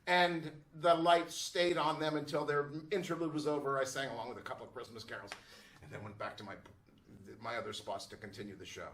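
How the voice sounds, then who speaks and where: A man's voice: mid-range voice, steady tone, fairly quick, fairly bright tone. A man, a stage performer, recounting an exasperated story from a show. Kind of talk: anecdotal storytelling. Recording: roomy, distant mic with faint background noise.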